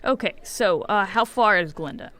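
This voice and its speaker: A woman's voice: medium pitch, animated, normal speed, sharp tone. A woman playing a tabletop game, asking polite, practical questions in casual talk. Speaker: player. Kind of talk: casual tabletop role-play.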